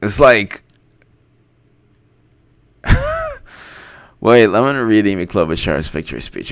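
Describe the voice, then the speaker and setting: A man's voice: on the low side, expressive, slow pace, vocal fry, pauses often, clear, resonant tone, dry recording. A man giving casual political commentary in a sarcastic, mocking way, laughing often.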